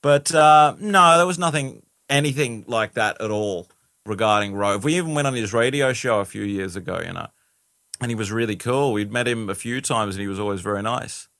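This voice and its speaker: A man's voice: lowish voice, a little fast, fairly bright tone, no echo, clean studio sound. A man, a guest in a casual interview who rambles and restarts his sentences, often adding "you know".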